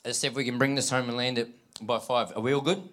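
A male preacher delivers a sermon in a voice of ordinary pitch. He is animated, slipping into the voices of scripture figures as he tells their stories. He keeps checking in with the congregation, urging them on with call-and-response. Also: fast. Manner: acts out quoted dialogue in scripture.

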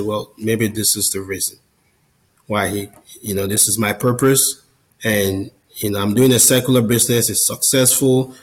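A man's voice: lowish voice, rough recording. A man as a podcast guest, telling his personal testimony in an earnest, conversational way and often repeating words as he goes. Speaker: podcast guest, Catholic business founder.

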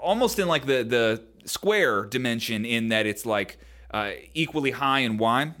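A man chatting casually as a podcast co-host, his tone bright and forward. He rambles, hedges and fills the gaps with likes and ums. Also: mid-range voice, expressive, measured pace. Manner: rambling, hedging, many fillers.

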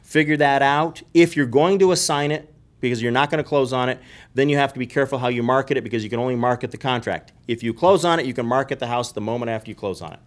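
A man's voice: mid-range voice, fast. Man, emphatic explainer, podcast chat, repeats his points. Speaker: real estate investor and podcast guest.

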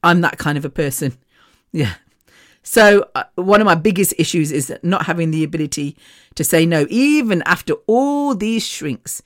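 A woman's voice: fairly low pitch, animated, normal speed. A woman hosting a podcast, telling a personal story in a frank, chatty way and laughing often between sentences. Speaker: podcast host. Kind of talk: casual storytelling monologue.

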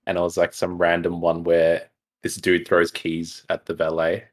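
A man's voice: low voice, monotone, normal speed. A young man hosting a casual podcast, laid-back and laughing often, with plenty of fillers. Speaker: podcast host.

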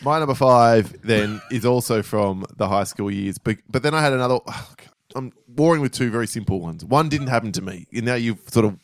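A man's voice: mid-range voice, lively intonation, fairly quick, few pauses, no echo. A man in his forties co-hosting a podcast, telling stories in a dry, understated way and acting out quotes. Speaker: podcast co-host. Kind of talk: casual storytelling chat.

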